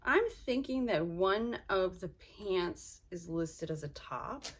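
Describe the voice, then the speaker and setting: A woman's voice: fairly low pitch, lively intonation, takes it slowly, husky. Annoyed woman reviewing an unboxing. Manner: frustrated, fills talk with "like". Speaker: subscription box reviewer. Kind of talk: casual unboxing vlog.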